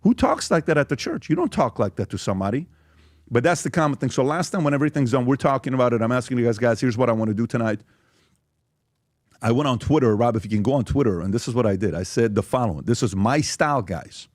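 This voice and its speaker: A podcast host with a mid-range, expressive voice moves at a quick pace through social media posts and questions on his show. He's emphatic and keeps checking in with "okay?", captured in a dry, clean studio recording.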